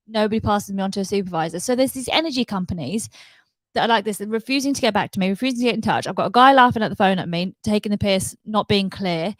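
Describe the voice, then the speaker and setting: A woman's voice: medium pitch, fast, dry recording, rough recording. A woman ranting about her own troubles, upset and emphatic, repeating herself as she talks. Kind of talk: personal rant to camera.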